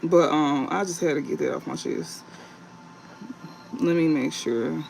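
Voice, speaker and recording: High, gravelly-voiced man ranting profanely. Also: steady tone, a little mellow, soft background music. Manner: profane, blunt, scolding; drawn-out fillers and repeated phrases. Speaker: online tarot reader. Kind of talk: late-night livestream rant.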